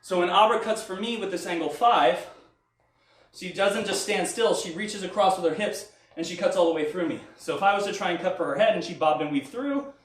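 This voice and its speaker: A man's voice: sits high, fairly quick. A man teaching stage combat in a live online class, coaching with upbeat energy and counting reps while he demonstrates the moves. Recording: roomy echo, mic at a distance, faint music.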